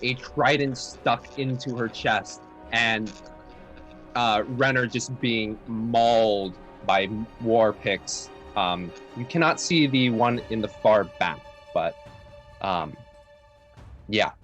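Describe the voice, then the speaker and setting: A man narrating a tabletop game as dungeon master, relaxed and loose, with many filler words. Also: on the low side, takes it slowly. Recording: faint music behind.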